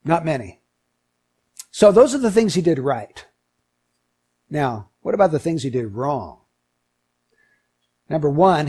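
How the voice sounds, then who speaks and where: A male preacher with a husky, fairly high voice that swings widely in pitch. He delivers his sermon with animation, building to emphatic peaks before falling back low and quiet. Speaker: pastor.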